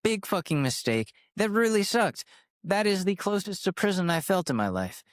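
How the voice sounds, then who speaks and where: A man's voice: high-pitched, very animated, fairly quick, no echo, studio quality. A young man in his twenties hosting a podcast, telling a personal story in a rambling, profane, self-mocking way that keeps drifting off on tangents. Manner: jumps from sidetrack to sidetrack. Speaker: podcast host. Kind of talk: candid storytelling rant.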